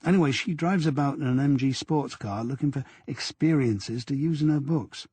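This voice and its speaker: A man's voice: mid-range voice, normal speed, mellow, breathy edge, no room sound, natural voice. A man voicing an earnest, deferential young male detective sergeant in an audiobook. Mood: reporting.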